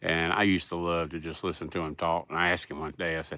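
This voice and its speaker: A man's voice: low-pitched, flat delivery, fast, hardly any pauses, pushed and bright, no echo. A middle-aged man with a Southern US accent, hosting a casual livestream and rambling in a folksy way as he answers chat. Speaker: livestream host.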